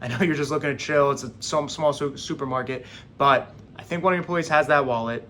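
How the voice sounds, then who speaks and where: A young man casually telling a story straight to camera, animated and acting out what others said. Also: medium pitch, fast talker, a little hiss or hum. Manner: animated, acts out quoted voices.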